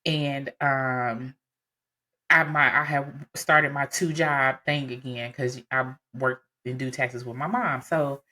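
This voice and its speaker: Low-pitched woman chatting on a podcast, casual and lively, lots of "you know"s. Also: slow. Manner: casual, animated, conversational with lots of fillers. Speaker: podcast host telling her story. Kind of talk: personal storytelling.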